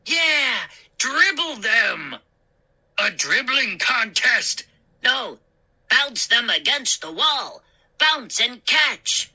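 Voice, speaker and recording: A woman voicing small, gleeful, mischievous gnomes with shrill, sneering, giggly voices. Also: big pitch swings, very slow, sharp tone, exaggerated voice.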